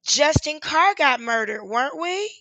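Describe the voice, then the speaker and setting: A woman's voice: high-pitched, lively intonation, measured pace, gravelly, bright, forceful tone, a little hiss or hum, poor audio. A woman hosting a casual live stream as an activist, talking candidly and emotionally, swearing freely and laughing often. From Charlotte, USA. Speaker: livestream host and activist.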